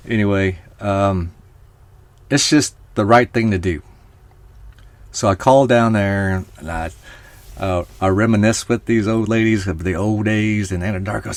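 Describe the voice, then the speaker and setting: On his live podcast stream, an Oklahoma man talks to viewers in a chatty, rambling way. He speaks unhurriedly in a lowish voice, and the recording is dry.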